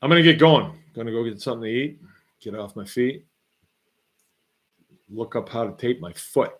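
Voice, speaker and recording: A man hosting a casual farm live stream, telling rambling folksy stories and reading out viewer comments. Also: mid-range voice. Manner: rambling, folksy storytelling with drawn-out asides.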